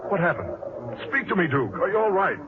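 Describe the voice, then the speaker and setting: A man's voice: high-pitched, big pitch swings, fairly quick. An actor in an old-time radio drama playing a plain-spoken, practical man who talks bluntly. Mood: urgent. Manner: blunt, down-to-earth. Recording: muffled old radio transcription with loud hiss.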